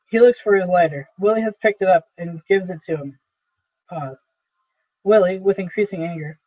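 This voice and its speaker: A man's voice: high voice, moderate pace, recorded from a distance. A man reading out stage directions in a plain, matter-of-fact way. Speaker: reader. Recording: tinny phone-like audio.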